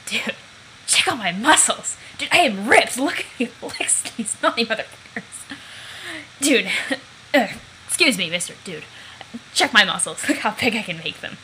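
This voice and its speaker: A woman voicing a brash young man who brags about his muscles with loud, mock-old-fashioned exclamations. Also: mid-range voice, expressive, moderate pace, a little hiss or hum, low-quality recording. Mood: boastful.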